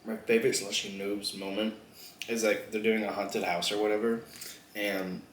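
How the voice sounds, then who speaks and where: A man's voice: lowish voice, level tone, normal speed. A young man vlogging a mukbang, chatting loosely between bites, swearing and laughing often. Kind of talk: casual chat while eating. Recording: echoey room, faint background noise.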